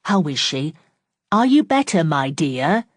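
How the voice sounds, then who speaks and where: A woman voicing a stern, brisk mistress of the house in an audiobook, speaking loudly, distinctly and impatiently. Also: low-pitched, big pitch swings, no room sound, clean studio sound, heavily acted.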